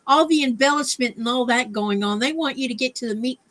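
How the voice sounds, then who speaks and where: A woman's voice: high-pitched, quick pace, fairly bright tone. A woman in a casual chat, chiming in with short, agreeable comments. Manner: brief, agreeable interjections.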